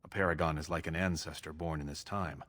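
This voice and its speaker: A scheming American dwarf prince. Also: male voice, a bass voice, steady tone, fairly bright tone. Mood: persuasive. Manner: measured, persuasive. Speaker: game character. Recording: game audio with long reverb.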